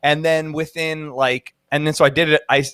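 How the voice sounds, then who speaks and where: A man's voice: fairly high pitch, fairly even intonation, moderate pace, fairly bright tone, clear, resonant tone, dry recording. A man in his thirties, a DJ guest telling a story in casual chat, rambling with lots of fillers and laughs.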